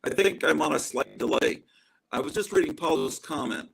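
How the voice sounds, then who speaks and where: Gravelly-voiced man hosting a chat. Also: a little high, lively intonation, moderate pace, a bit bright. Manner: joking, rambling suggestions. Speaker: show host. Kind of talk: casual video-call chat. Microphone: remote call with audio delay.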